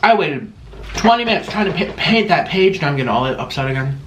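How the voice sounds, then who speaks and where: Male mukbang host, chatty and rambling, lively pitch, echoey room tone. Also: a little fast. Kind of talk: casual chat while eating. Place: room at home. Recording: echoey room with faint background noise.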